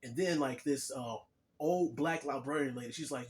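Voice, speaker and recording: A young adult man telling a story straight to his viewers in a relaxed, chatty way, with lots of "like" and "you know". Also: medium pitch, normal speed. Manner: laid-back and chatty, full of "like" and "you know"; addresses viewers directly. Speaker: vlogger. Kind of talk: casual storytelling monologue.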